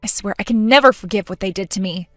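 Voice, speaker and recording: A woman's voice: mid-range voice, fast talker, no echo, clean studio sound, soft background music, natural voice. A woman playing an indignant, hurt young bride who speaks in an exasperated way.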